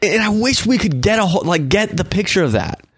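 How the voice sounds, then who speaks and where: A young adult man hosting a faith podcast, talking in a casual, animated way and acting out quoted voices. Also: high voice, fairly quick, noisy background. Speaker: podcast host and minister.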